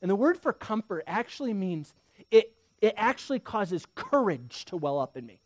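A man's voice: high voice, very animated, moderate pace, no room sound. A man in his thirties preaching a sermon as pastor, talking straight to the congregation and telling stories. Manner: swings from loud emphasis to hushed near-whisper; storytelling, direct address to the congregation.

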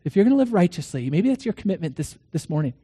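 A middle-aged man preaching a sermon, earnest, swinging between loud questions and hushed lines, telling stories with quoted dialogue. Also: high voice, big pitch swings, fast talker, husky. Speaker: pastor.

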